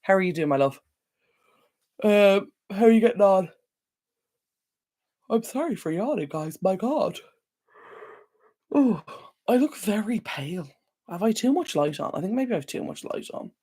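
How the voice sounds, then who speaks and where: A woman's voice: medium pitch, lively intonation, normal speed, pauses often, warm tone, slightly rough. Chatty Irish woman live-streaming. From Ireland. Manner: chatty, rambling with many ums, addresses viewers by name. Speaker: livestream host. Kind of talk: casual live-stream chat. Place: indoor home room near a window.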